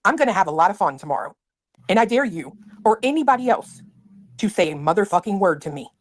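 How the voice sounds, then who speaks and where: A woman's voice: mid-range voice, very animated, quick pace, dry recording, studio quality. A woman in a played livestream clip, angrily calling out rivals with profane, confrontational talk. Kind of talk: angry livestream callout.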